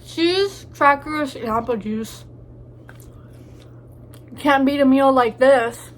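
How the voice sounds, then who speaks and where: Taking her time, a young adult woman speaks in a high voice with fairly even intonation. She's a vlogger doing casual mukbang chat, making crude jokes between bites while congested from allergies.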